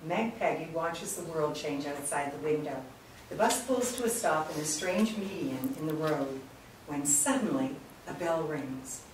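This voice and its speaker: Woman reading screenplay directions, low voice, very echoey room, distant mic, faint noise. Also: expressive, measured pace. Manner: reads stage directions steadily. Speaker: narrator. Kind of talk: screenplay read-through.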